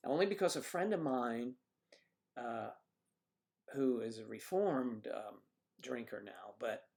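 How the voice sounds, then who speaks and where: An older man with a gravelly, mid-range voice hosts a casual livestream from home. He wanders through anecdotes, restarting sentences and clearing his throat as he goes. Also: medium pitch, lively intonation, slow pace, a little mellow. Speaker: livestream host. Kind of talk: casual chat reading viewer comments.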